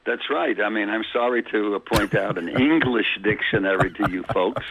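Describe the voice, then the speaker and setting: A man's voice: lowish voice, moderate pace, slight background noise. A man with a New York accent, a cab driver calling in to a radio show, chatty and boastful about his city. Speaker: phone-in guest, cab driver. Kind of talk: phone-in radio chat. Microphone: telephone. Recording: tinny phone line.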